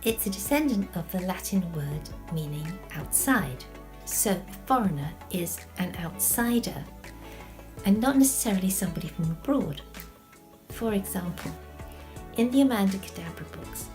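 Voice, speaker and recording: A woman, an author giving a measured video lesson on writing. She often poses a question and then answers it herself. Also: medium pitch.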